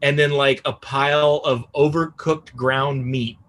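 A man's voice: mid-range voice, steady tone, measured pace, fairly bright tone. Rambling, profane young man telling a story. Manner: rambling, profane, full of "like" fillers. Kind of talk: casual storytelling.

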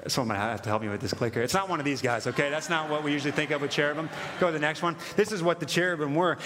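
A man preaching an impassioned sermon, reading scripture slowly and with emphasis. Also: fairly high pitch, fairly bright tone, big-room sound. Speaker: pastor.

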